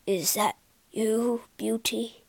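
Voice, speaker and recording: A woman voicing a gentle enchanted beast turned prince, speaking softly and quietly. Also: medium pitch, expressive, measured pace, no room sound, close to an everyday voice.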